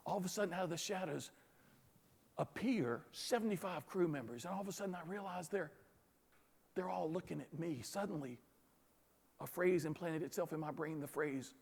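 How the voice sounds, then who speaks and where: A man with a Southern American accent telling a lively story to an audience, acting out the dialogue as he goes. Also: high voice, moderate pace, vocal fry, pauses often, husky, long reverb tail. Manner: animated, plays out dialogue in the story. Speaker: speaker. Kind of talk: storytelling keynote talk.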